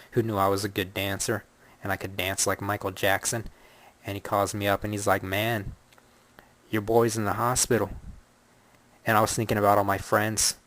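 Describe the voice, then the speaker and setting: A man's voice: lowish voice, fairly bright tone. A young man hosting his own podcast, talking through a rambling, self-deprecating comic monologue and acting out the dialogue. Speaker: podcast host.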